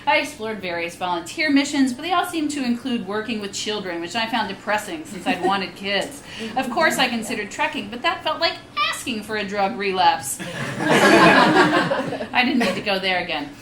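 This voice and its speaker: A woman's voice: medium pitch, big pitch swings, normal speed, heavy background noise. A woman in her fifties giving a live reading of her memoir, wry and candid, with frank asides, at a reading venue. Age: 50s. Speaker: reading series host and author. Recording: echoey room.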